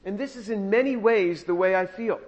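A man preaching a sermon, reading scripture slowly and deliberately and often restarting his phrases. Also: sits high. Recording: dull lo-fi sound with long hall reverb.

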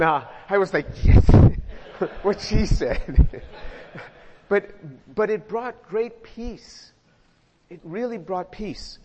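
A man preaching a sermon, expressive and slowing down to stress key words. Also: on the high side. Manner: expressive preaching, slows down for emphasis. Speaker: pastor. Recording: dull sound with long hall reverb.

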